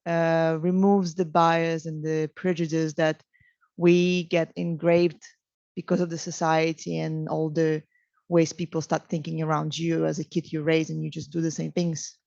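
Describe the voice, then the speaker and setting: A woman's voice: low voice, little pitch movement, measured pace, vocal fry, darkish tone, dry recording, muffled recording. A woman in the audience asking a question hesitantly, searching for her words as she goes.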